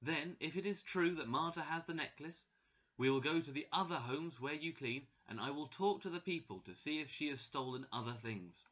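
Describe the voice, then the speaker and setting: A man voicing a kind, thoughtful French man with a French accent, speaking slowly and clearly, in a dull lo-fi recording. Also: on the high side, animated, fairly bright tone. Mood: calm.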